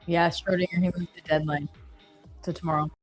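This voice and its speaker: A woman's voice: on the low side, flat delivery, fairly quick, faint music behind. A woman co-hosting a live trading stream, chatty and joking, cheering trades on. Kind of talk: casual chat.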